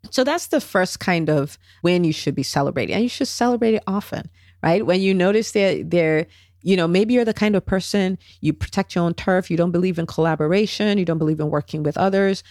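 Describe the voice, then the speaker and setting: Woman podcast host coaching listeners, lowish voice, dry close sound, lively, acts out what people say. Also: a little fast, no room sound. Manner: animated, acts out quoted voices, tag questions. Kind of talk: solo podcast talk.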